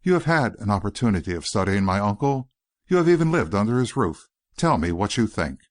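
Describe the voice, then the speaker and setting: A man reading an audiobook voices a nervous, guarded young woman who speaks quickly and anxiously. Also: lowish voice, sing-song.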